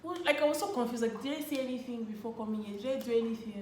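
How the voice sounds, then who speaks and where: A young woman casually telling a story about her partner, animated, laughing often and acting out what was said. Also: fairly high pitch, rapid-fire. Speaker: co-host of a couples channel. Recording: echoey room with faint hum.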